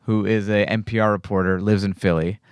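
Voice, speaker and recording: A man's voice: lowish voice, little pitch movement, fairly quick, clear, resonant tone, no room sound, clean studio sound. A man hosting a podcast in casual chat, teasing his guest and playfully acting out voices. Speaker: podcast host. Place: Los Angeles area.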